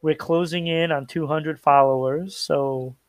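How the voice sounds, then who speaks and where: A man's voice: fairly high pitch, fairly even intonation, a little slow, no room sound. A man co-hosting a pop culture podcast, chatting casually, plugging the show's channels and joking around. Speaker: podcast co-host. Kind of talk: casual chat.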